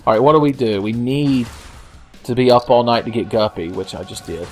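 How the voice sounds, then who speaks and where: A man's voice: mid-range voice, normal speed, darkish tone, a little hiss or hum. A man giving joking, rambling commentary as he plays a video game, cursing freely. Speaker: let's play host. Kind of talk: gameplay commentary.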